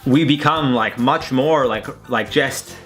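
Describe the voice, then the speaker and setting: A man's voice: mid-range voice, slow pace, soft background music. A young man hosting a tweet-reaction video in his room, rambling and swearing in a loose, joking way. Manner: animated, rambling, swearing, laughing at own jokes. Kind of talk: casual reaction commentary. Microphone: desk mic at his computer.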